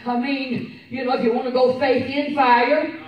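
A woman pastor preaching a sermon, swinging from shouted fervor to quiet personal storytelling. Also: high-pitched, level tone, normal speed, dull audio. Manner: fervent preaching, rising to shouts, dropping to soft personal storytelling. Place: church sanctuary. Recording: echoey church from far off. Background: congregation responses.

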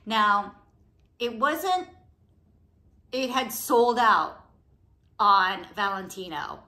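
A woman beauty vlogger chatting casually about products she loves, gushing and excitable with a rambling flow. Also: mid-range voice, drawn-out words. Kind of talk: casual product review chat.

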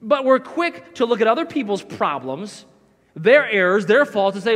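Male pastor, middle-aged, high pitch, chatty self-deprecating sermon, church reverb. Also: big pitch swings, moderate pace, fairly bright tone. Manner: conversational, self-deprecating storytelling. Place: church sanctuary. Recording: long church hall reverb.

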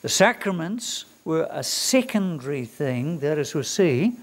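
A man's voice: on the high side, very animated, unhurried. A man with a New Zealand accent giving a theology lecture to students, emphatic and fond of rhetorical questions. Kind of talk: classroom lecture.

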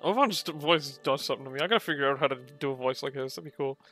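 A man's voice: medium pitch, very fast, bright, forceful tone. A man casually commenting on a video game he is playing, joking, exclamatory and profane. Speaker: gaming channel host. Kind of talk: casual let's play commentary. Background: game music.

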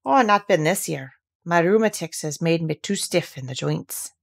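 A woman reading a storybook voices a gruff, grumpy old Yorkshire gardener who grumbles in a curt, reluctant way. His voice swings lively, jumping up and dropping low, while her storytelling delivery stays close and plain at a moderate pace.

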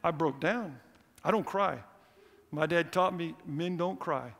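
A middle-aged male preacher tells stories from the pulpit with an animated, earnest delivery. His voice is gravelly and sits a bit high. The sound rings with the long reverb of a church hall. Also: a little slow. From United States. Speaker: missionary speaker. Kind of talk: sermon.

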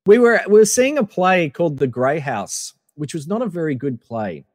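A man with a fairly high speaking voice tells a rambling, casual story, full of fillers and quoted exchanges. His voice sits close and dry on the mic, but a long reverb tail trails behind it. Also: sing-song, normal speed. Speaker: guest.

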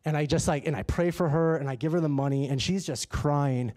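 A man preaching a sermon in a church, telling a personal story in a lively, conversational way. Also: on the high side, fairly quick. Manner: animated and conversational, acts out his own dialogue. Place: church sanctuary.

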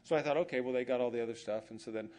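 A man's voice: mid-range voice, rapid-fire, a little mellow. Joking storyteller man preaching. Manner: storytelling with humor, acts out quoted dialogue. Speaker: pastor. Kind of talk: sermon.

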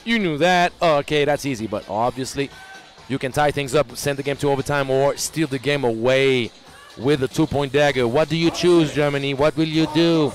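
A man giving live basketball play-by-play, excitable and rising to shouts on big plays. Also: medium pitch, moderate pace, faint music behind. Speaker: play-by-play commentator.

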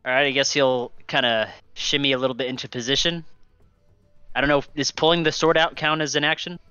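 A man's voice: mid-range voice, fairly even intonation, fairly quick, bright, forceful tone, clean tone, dry recording, soft background music. A man playing in a tabletop game over voice chat, hesitant and unsure of the rules. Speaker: player. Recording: dry, dull lo-fi mic.

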